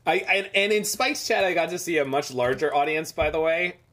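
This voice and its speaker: A man's voice: fairly high pitch, a little fast, pushed and bright. A man streaming a game, chatting casually and rambling as he reads the chat aloud. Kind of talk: casual live-stream chat over gameplay.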